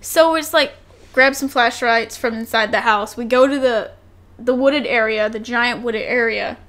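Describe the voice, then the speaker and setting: A young woman co-hosting a podcast, telling a story in a casual, animated way, laughing and swearing freely. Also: fairly high pitch, moderate pace. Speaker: podcast co-host.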